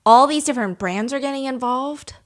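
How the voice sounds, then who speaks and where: A young woman hosts a casual podcast, telling a story in a lively, chatty way. Her voice sits a bit high, and she laughs often and slips into acted-out quotes. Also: a little fast. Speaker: podcast host.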